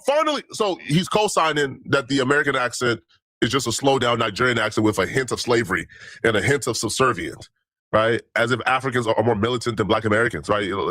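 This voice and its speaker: A man's voice: medium pitch, a bit bright, no echo. A man hosting a news commentary show, talking emphatically and repeating himself when indignant. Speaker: host.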